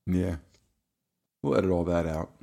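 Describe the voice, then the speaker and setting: A man co-hosting a casual podcast, rambling and halting, laughing easily and stumbling over words. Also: low-pitched, little pitch movement, vocal fry, dark tone. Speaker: podcast co-host. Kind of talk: casual chat.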